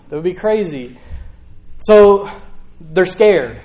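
A man's voice: high voice, lively intonation, normal speed, a little mellow, poor audio. A young man preaching a casual, conversational sermon from a church stage, rambling with many restarts and fillers.

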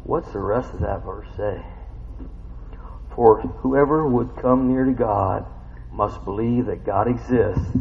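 A man's voice: lowish voice, vocal fry, a little hiss or hum. A man preaching a casual, story-driven sermon, full of rhetorical questions and folksy asides. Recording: muffled sound with long hall reverb.

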